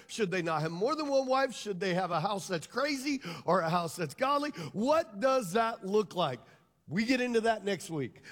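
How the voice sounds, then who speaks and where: A man's voice: sits high, long reverb tail. A pastor preaching a sermon to his congregation, emphatic and drawing them into call and response. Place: church hall.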